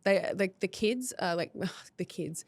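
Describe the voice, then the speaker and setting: Animated Australian woman, dry close sound. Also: medium pitch, a little slow, no echo. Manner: animated storyteller, acts out quotes. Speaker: podcast guest. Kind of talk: casual chat.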